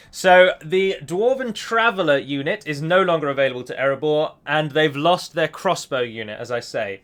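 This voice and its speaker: A man's voice: a little high, fairly bright tone. A man giving a chatty gameplay voice-over as a mod developer, often correcting himself as he explains.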